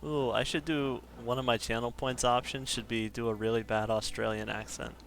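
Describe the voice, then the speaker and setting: A man's voice: medium pitch, flat delivery, normal speed, creaky, a bit bright, slight background noise. Male game streamer, casual and self-deprecating, mid-range voice. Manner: chatty, self-deprecating, joking with chat. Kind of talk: casual live-stream chat while gaming.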